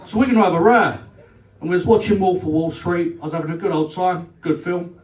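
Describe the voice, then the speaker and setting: Fast and steady, this comedian's high voice carries a cheeky, profane live set in a club function room, where he ribs the audience and plays out rows with his girlfriend. The recording is roomy and picked up from far off.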